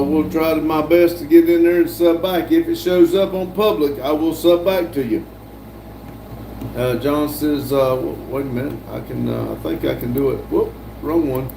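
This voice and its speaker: Older man, livestream host reading chat; mellow voice, echoey room. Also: on the high side. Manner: reads chat aloud with frequent fillers and restarts. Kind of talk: casual live-stream chat. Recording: echoey room, voice from a distance, faint hum.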